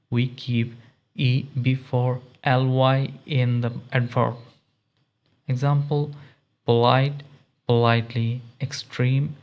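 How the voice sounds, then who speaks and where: A man teaching English grammar in a slow, deliberate lesson, reading out word lists one by one. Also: medium pitch, darkish tone. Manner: reads word lists in a measured, deliberate cadence.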